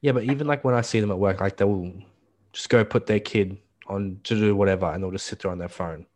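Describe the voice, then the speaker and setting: A man's voice: on the low side, fast talker, a little mellow. A young man co-hosting a podcast, agreeing along and adding blunt opinions in casual chat. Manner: agreeable, chimes in with short replies, blunt opinions. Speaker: podcast co-host.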